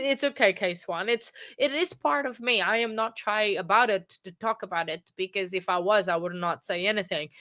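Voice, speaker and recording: Halting woman streamer, casual commentary. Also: mid-range voice, fairly bright tone. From from outside England. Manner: halting, many restarts and fillers. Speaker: true crime streamer.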